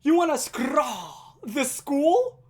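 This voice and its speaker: A woman voicing a prankish teenage schoolboy who yells mocking lines across a classroom. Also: sits high, expressive, pitched above the performer's own voice. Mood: yelling. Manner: yelling, drawn-out, mocking.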